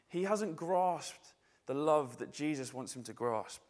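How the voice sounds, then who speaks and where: A man's voice: on the high side, expressive, measured pace, darkish tone. A male preacher giving a conversational, reflective sermon, often restarting his phrases.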